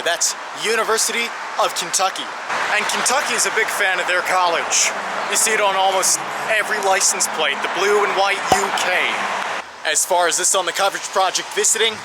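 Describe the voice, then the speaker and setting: A man narrating a travel vlog around a city, explaining with touches of dry humor. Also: high-pitched. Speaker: travel vlogger. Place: outdoors in a city. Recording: noisy outdoor street recording.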